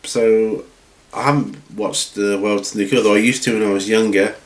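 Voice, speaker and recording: A man hosting a hobby channel from home, chatting casually through viewer questions in a rambling, relaxed way with lots of ums and restarts. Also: fairly low pitch, normal speed. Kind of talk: casual Q&A chat. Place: at home, seated with feet up. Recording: roomy room echo.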